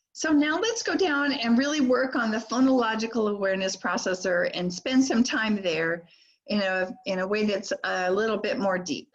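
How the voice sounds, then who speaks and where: An older woman giving a teacher training lecture on reading skills, slowly sounding out words and their sounds. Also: medium pitch, breathy edge, dull audio. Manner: slow, deliberate modeling of speech sounds. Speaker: literacy trainer.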